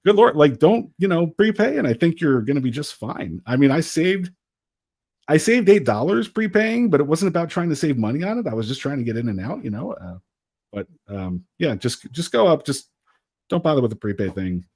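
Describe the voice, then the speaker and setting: Animated man telling a story. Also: on the high side, brisk, no room sound. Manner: animated, exasperated retelling with acted quotes. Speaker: podcast co-host. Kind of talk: casual storytelling.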